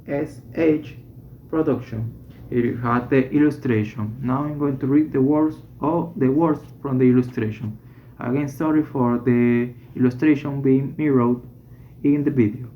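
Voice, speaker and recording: Man slowly reading a medical textbook. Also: mid-range voice, steady tone, a little hiss or hum. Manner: slow, deliberate reading with self-corrections. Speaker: teacher reading a textbook aloud. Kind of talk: reading textbook passages and exercises. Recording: dull echoey room recording.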